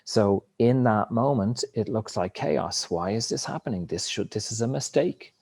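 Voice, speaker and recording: A man with a fairly low voice talks through big ideas in a loose, wandering way, tossing in the odd curse word. The sound is dry and close, with no room around him. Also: animated, moderate pace, a little mellow, husky, dry recording. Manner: rambling, reflective, swears casually. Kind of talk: casual spiritual monologue.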